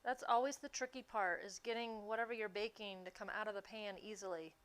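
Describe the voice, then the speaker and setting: A streamer with a mid-range, fairly bright voice and fairly even intonation chats casually as she bakes live for her viewers. Her manner is easygoing, talkative, and quick to laugh.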